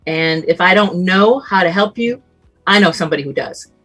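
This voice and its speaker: A middle-aged woman, a longtime radio talk show host, speaking earnestly and warmly about being of service in a casual panel conversation. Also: lowish voice, fairly quick, husky, faint music behind. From Southern California. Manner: earnest, offering service, warm storytelling.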